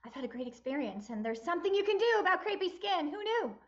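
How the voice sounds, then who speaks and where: A woman's voice: extremely high pitch, big pitch swings, quick pace. Woman, about sixty, guest on a podcast, upbeat and emphatic, a bit dull-sounding line. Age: around 60. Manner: emphatic, upbeat motivational talk. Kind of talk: casual interview chat.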